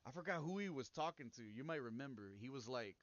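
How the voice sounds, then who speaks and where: A man's voice: medium pitch, lively intonation, fast talker, fairly bright tone, no echo, muffled recording. A man casually commenting while he plays a strategy game, crude and rambling, now and then reading the game's text aloud. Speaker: gameplay streamer.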